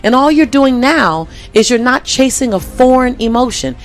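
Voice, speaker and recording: A woman's voice: fairly high pitch, lively intonation, moderate pace. A woman guest in a conversational interview, speaking emphatically and repeating key phrases for effect.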